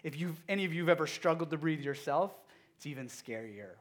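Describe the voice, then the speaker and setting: A man preaching to a youth group as their pastor. He asks the audience direct questions and swings between loud emphasis and hushed, quiet moments. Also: fairly high pitch, animated, brisk. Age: young adult or middle-aged father of a toddler. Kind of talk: sermon.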